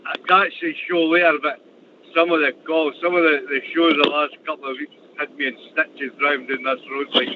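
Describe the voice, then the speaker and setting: An older Scottish man from Fife phones in from his truck, talking in a chatty, rambling way and repeating words as he finds his thread. His voice sits a little high for a man. The call sounds muffled, with a faint hiss behind it. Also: fairly even intonation, brisk. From Fife, Scotland. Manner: chatty, repeats words when starting a thought. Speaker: caller, truck driver. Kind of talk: casual call-in chat. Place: in his truck while driving.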